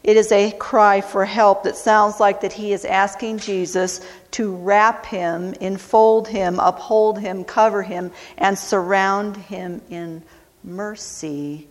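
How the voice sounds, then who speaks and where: A woman preaching a sermon, speaking deliberately and repeating phrases for emphasis. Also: medium pitch, little pitch movement. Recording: long hall reverb.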